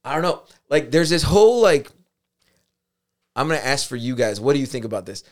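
A man's voice: mid-range voice, sing-song, a little fast, a little hiss or hum. A man co-hosting a podcast in casual chat; he jokes, acts out made-up dialogue and steers the topics. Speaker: podcast co-host.

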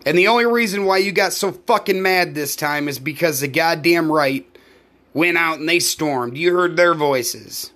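A man's voice: fairly high pitch, normal speed, sharp tone. A man, hosting a podcast, ranting alone in a heated and profane way. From United States. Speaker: podcast host; live performer. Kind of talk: angry solo rant.

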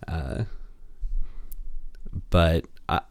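A man in his thirties with a Midwestern American accent, co-hosting a podcast in a slow, deliberate, dry casual chat. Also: dry recording. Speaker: podcast co-host.

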